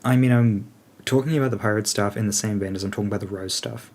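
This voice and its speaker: A man with a lowish voice, speaking as the leader of a game alliance, rambles loosely through his plans in relaxed, unscripted chat. He thinks aloud while answering questions, filling pauses with plenty of "um" and "like."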